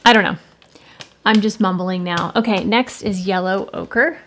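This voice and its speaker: There's faint background noise with clicks as a woman who runs an art channel swatches watercolors at her desk and chats casually. She muses, rambles a little and corrects herself, speaking a little slowly in a medium-pitched, fairly bright voice.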